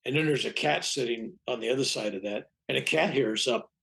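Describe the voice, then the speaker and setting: A man's voice: medium pitch, a little fast, gravelly, a bit bright. An older man, a reverend, telling a long personal story in an interview, acting out the dialogue with frequent restarts. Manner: rambling, acts out quoted dialogue, frequent restarts. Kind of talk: anecdotal storytelling in conversation.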